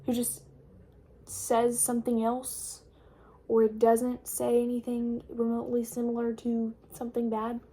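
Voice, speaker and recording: Ranting about books she can't stand, a young woman vlogs in a sarcastic, chatty way full of fillers. Her voice sits on the high side but is monotone, dark in tone, and a little slow, over a faint hiss or hum.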